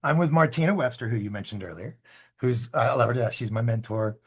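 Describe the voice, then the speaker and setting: A man's voice: medium pitch, quick pace, slightly rough. A man, a filmmaker guest, telling stories in a casual interview and acting out the voices of the people he quotes. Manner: animated, acts out quoted dialogue.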